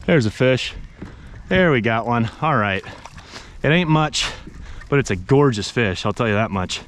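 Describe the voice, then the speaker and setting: A young man narrating his fishing trip outdoors on a river, tired from paddling, bursting into excited exclamations and talking to the fish. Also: mid-range voice, unhurried. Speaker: fishing vlogger. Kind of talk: casual narration while fishing. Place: outdoors on a river, in a kayak and wading.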